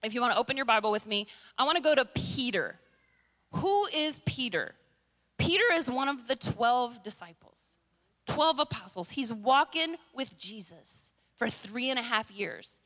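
A woman's voice: on the high side, animated, normal speed, pushed and bright. A middle-aged woman preacher giving a sermon in a humorous, conversational way, full of playful impressions. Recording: long reverb in a large hall.

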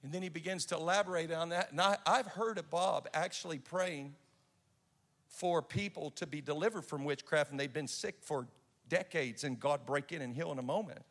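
A man's voice: a little high, moderate pace, a bit bright, big-room sound. A man preaching a sermon and telling a personal story in an earnest way, often restarting his sentences. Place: church sanctuary.

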